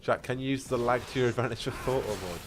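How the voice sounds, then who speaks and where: A man's voice: medium pitch, quick pace. A man streaming a video game, chatting casually, reacting to gameplay and reading out chat questions. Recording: faint background noise.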